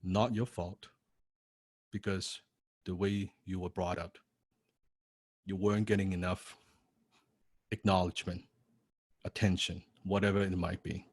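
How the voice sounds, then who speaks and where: A man's voice: low voice, flat delivery, measured pace, long pauses, husky, no echo. A man coaching a live online class, blunt and profane, repeating key lines and often asking "right?". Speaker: copywriting coach.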